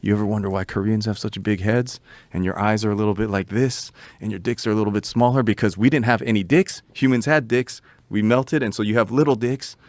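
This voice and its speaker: A man's voice: lowish voice, steady tone, fairly quick, a little mellow, natural voice. A man voicing a crude, foul-mouthed male alien spirit from a psychedelic vision, in a taunting, profane manner. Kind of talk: recounted vision in casual chat.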